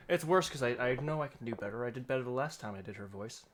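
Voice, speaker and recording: A man's voice: mid-range voice, fast, few pauses, a bit bright, slight background noise. A man running a tabletop game as game master, laughing often and talking himself down. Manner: self-deprecating, laughing often.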